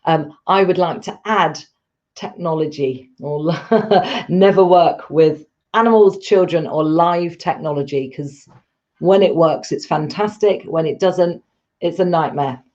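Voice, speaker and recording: A woman's voice: lowish voice, a little slow, a little mellow, dull audio. A woman teaching a live online English lesson, patient and encouraging as she explains step by step.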